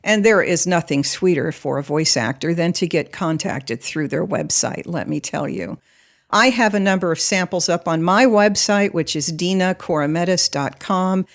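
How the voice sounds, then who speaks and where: A woman's voice: lowish voice, expressive, normal speed. A middle-aged American woman, an audiobook narrator, talking informally and upbeat in a professional studio. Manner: chatty, upbeat, explaining. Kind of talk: informal talk to camera.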